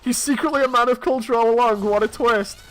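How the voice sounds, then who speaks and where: While streaming a game, a man in his thirties talks casually and rambles through stories in a very high-pitched, fairly bright voice, speaking fast.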